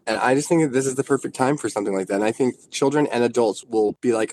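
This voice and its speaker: A man's voice: medium pitch, quick pace, few pauses, a little mellow, slight background noise. A man in his forties, a choreographer being interviewed, speaking earnestly and thoughtfully about his work. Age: 40s. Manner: earnest, thoughtful, restarts sentences. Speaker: choreographer, guest. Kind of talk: casual radio interview.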